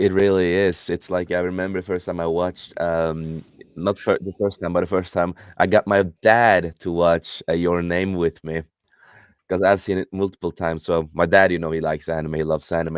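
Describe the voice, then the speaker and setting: A young man talks casually on a livestream, rambling and restarting his sentences, filling gaps with "um" and "uh" and dropping the odd swear word. His voice sits very low and comes across smooth and clean. The sound is dry and close, with no room in it. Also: no echo. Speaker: livestream co-host. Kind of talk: casual chat.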